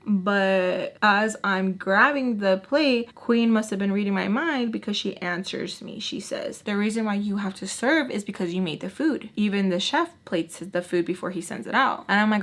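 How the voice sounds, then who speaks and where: A young woman vlogger chatting through a casual storytime, full of "like" fillers and sudden jumps in pitch as she acts out what people said. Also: normal speed, few pauses. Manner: lots of "like" fillers, swears casually.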